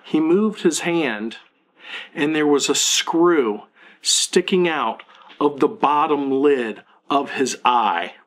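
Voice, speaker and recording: A man's voice: a little high, animated, takes it slowly, fairly bright tone. A man in his thirties, a parenting blogger, talking earnestly and self-critically to camera in a confessional vlog.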